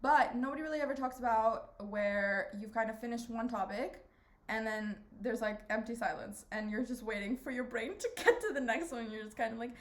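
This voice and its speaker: A woman's voice: fairly high pitch, a little fast. A young woman hosting a podcast alone, rambling casually from thought to thought and filling her talk with "like". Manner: rambling, chatty, valley-girl fillers; self-interrupting, jumps between topics. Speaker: podcast host. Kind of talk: casual monologue.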